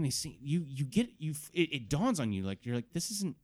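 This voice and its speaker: A man narrating as game master of a tabletop game, telling the scene in an animated way and stretching out words. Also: medium pitch. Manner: animated storytelling, drawn-out words.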